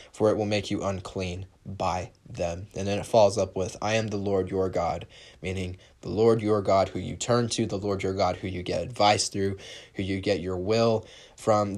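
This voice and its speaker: A man hosting a solo podcast in a casual monologue. He talks bluntly and emphatically, swears casually and reads verses aloud. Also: on the low side. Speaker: podcast host.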